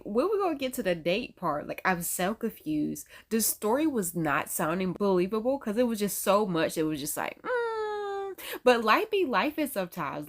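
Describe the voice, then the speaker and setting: A young adult woman hosting a reaction video, chatting in an exclamatory way straight to the viewer. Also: medium pitch. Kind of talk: casual reaction commentary.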